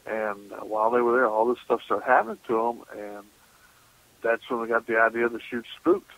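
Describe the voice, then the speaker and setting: A man's voice: mid-range voice, expressive, normal speed, vocal fry, a bit bright. Laid-back man telling stories. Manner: casual, laughing, folksy storyteller. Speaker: paranormal investigator guest. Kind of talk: radio interview storytelling. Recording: muffled radio call audio.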